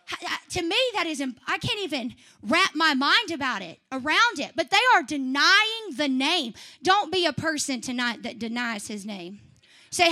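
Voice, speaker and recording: A woman's voice: sits high, pushed and bright. A woman in her twenties from Southeast Missouri with a twang, preaching an urgent, repetitive sermon at a youth service. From Southeast Missouri, USA. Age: 20s. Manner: fiery, repetitive and urgent, with emphatic rising appeals. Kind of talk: Pentecostal sermon.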